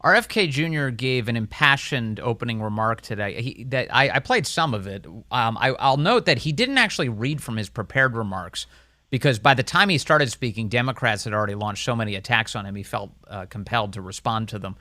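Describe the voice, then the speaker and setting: A man's voice: medium pitch, lively intonation, sharp tone, no room sound, studio quality. A man hosting a talk radio show, introducing clips and questioning a guest in a conversational way. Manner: conversational, pausing with fillers.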